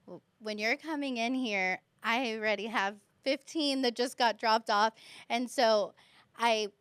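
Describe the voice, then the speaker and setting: A woman's voice: fairly high pitch, unhurried, fairly bright tone, clear, resonant tone, no echo. A woman who teaches kindergarten, chatting as a guest on a podcast and acting out her students' voices. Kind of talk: casual podcast chat.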